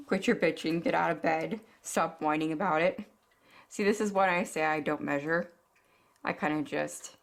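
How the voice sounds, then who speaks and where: Blunt, cussing woman cooking vlogger, sick, low gravelly voice, unhurried delivery. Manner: blunt, cussing, laughs often. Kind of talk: casual chat while cooking.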